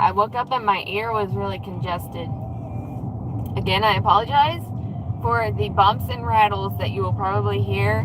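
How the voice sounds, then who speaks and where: A woman livestreaming casually while driving, chatty, swearing freely and acting out what others said. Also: medium pitch. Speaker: vlogger. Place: in a car in traffic. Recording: faint road noise and rattles.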